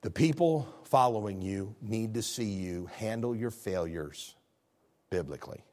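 A man preaching a sermon as pastor, talking conversationally and swinging from low, quiet stretches to loud, high ones. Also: a little slow.

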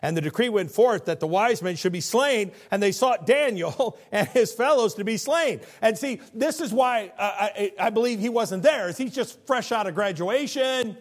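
A man preaching a sermon as pastor, in a lively, conversational way, acting out the people he quotes. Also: sits high, moderate pace, hardly any pauses. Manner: animated, conversational preaching that acts out quoted figures.

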